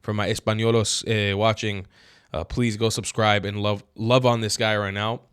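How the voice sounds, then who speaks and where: A man hosting opinionated political commentary, cursing freely and swinging from flat asides to loud, exasperated outbursts. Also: on the low side, normal speed, smooth, dry recording, clean studio sound.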